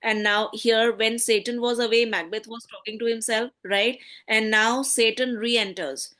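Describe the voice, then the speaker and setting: A woman's voice: fairly high pitch, steady tone, unhurried, pushed and bright. A woman explains a play line by line as a literature teacher, often checking in with "okay?" and mixing in Hindi.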